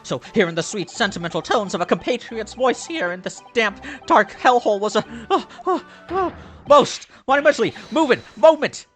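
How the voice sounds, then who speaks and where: Man playing a theatrical, excitable young prisoner. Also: very high voice, moderate pace, faint music behind, voice pushed up. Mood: exultant. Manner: theatrical, alliterative outbursts.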